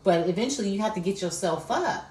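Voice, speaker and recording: A woman co-hosting a casual, heartfelt chat, talking haltingly and repeating herself as she speaks. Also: medium pitch, animated, a little mellow. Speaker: co-host. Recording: echoey room.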